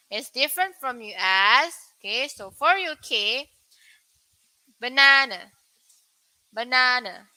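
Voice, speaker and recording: A young woman with a Malaysian English accent teaching an English pronunciation lesson, modelling words slowly and asking the viewers questions. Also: fairly high pitch, pushed and bright, poor audio.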